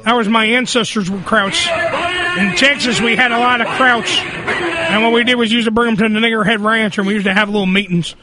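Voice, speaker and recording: A man's voice: high voice, fairly quick, very noisy, close to an everyday voice. A man doing a boastful Texan politician. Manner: rambling, outrageous. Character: boastful Texan politician, male, middle-aged.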